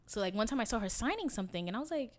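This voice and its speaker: A woman's voice: on the high side, big pitch swings, racing. A young woman from a Haitian family in casual podcast chat, telling stories bluntly and profanely, acting out what people said. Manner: blunt, profane storytelling with acted-out quotes.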